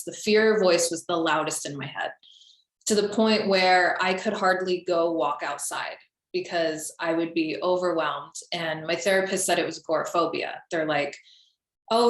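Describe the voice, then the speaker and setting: A young woman coaching listeners on confidence in a casual, chatty way, full of "um" and "like.". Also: on the low side. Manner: chatty, lots of fillers like "um" and "like". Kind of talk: casual spoken teaching. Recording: echoey room.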